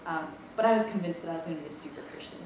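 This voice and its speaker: A woman's voice: lowish voice, rapid-fire. A woman in her twenties from Maui, on staff with a campus ministry, sharing a chatty, self-deprecating personal testimony with many ums. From Maui, Hawaii. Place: lecture room. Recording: echoey room, distant mic, background noise.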